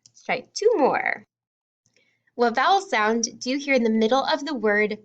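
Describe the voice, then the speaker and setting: A woman teaching a phonics lesson to young children, sounding out words slowly and cheering them on. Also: on the high side, lively intonation, highs cut off. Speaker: kindergarten teacher.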